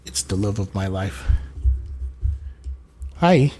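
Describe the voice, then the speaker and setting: A man's voice: on the low side, slow, faint music behind. A man hosting a debate livestream, chatting casually and profanely with his viewers. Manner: profane, animated, talks to his chat. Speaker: debate stream host.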